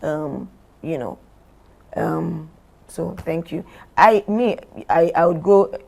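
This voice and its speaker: A middle-aged woman from Nigeria, a former company chief, speaking deliberately as a guest in a podcast interview. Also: on the low side, vocal fry, a little mellow. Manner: measured, deliberate, role-plays what she would say.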